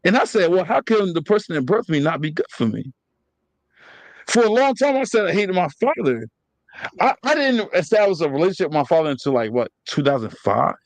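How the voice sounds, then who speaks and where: Emotional, high-voiced man venting. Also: big pitch swings, a little fast, dry recording. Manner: emotional, swearing, talks over others. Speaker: podcast co-host. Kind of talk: candid podcast chat.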